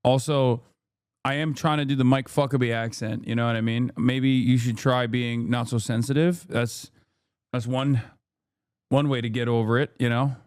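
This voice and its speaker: A man's voice: medium pitch, steady tone, normal speed, darkish tone, smooth, no echo, studio quality. A man streaming, reacting to a debate clip with profane, sarcastic commentary.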